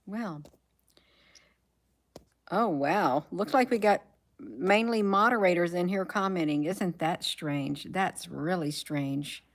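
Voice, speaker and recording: An American woman hosts a casual livestream, reading headlines aloud and musing to herself, often trailing off with ums. Her voice is on the low side and she speaks slowly.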